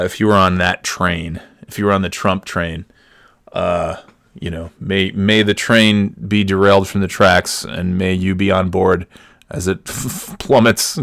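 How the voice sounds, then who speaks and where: A man's voice: sits low, gravelly, a bit bright, dry recording, studio quality. A man hosting a casual solo podcast, talking in a sarcastic, profane way and often breaking into laughter. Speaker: podcast host.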